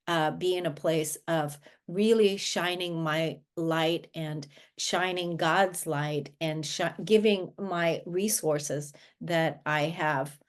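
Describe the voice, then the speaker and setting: Woman, lowish voice, life coach guest, earnest, restarts sentences, interview chat. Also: steady tone, slow pace, few pauses. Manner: earnest, with frequent restarts and filler words. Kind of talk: conversational interview.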